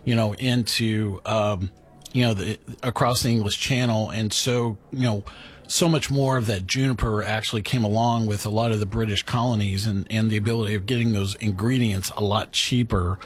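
Husky-voiced host guy, rambles on, lots of you know and um. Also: lowish voice, fairly even intonation, moderate pace. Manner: loose, rambling talk with many fillers and restarts. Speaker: host of a drinks show. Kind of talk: casual chat.

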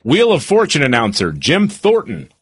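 A man co-hosting a talk show, telling a story in an animated, amused way. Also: on the high side, normal speed. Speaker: co-host. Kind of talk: casual talk show chat.

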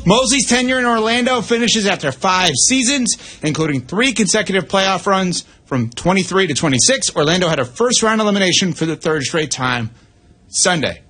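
Sports radio guy, kinda high and husky, bright edge, fast opinionated takes. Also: expressive. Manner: brisk, opinionated analysis with asides.

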